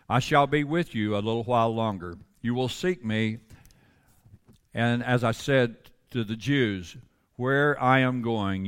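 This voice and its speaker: A man's voice: fairly low pitch, clear, resonant tone, big-room sound. A male pastor preaching a sermon to his congregation, calling out for responses and building to fervent emphasis. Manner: builds from quiet teaching to loud, fervent preaching. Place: church sanctuary.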